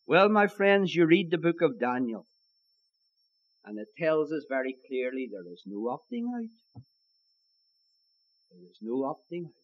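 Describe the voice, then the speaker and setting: A man's voice: a little high, dull audio. A man with an Irish accent preaching a sermon, emphatic, repeating his key lines and calling his listeners his friends.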